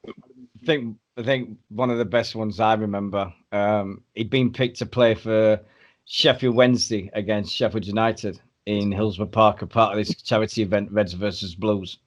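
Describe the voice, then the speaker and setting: A man telling lively anecdotes on a podcast. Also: fairly low pitch, normal speed, highs cut off. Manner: animated storyteller. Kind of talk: casual anecdote chat.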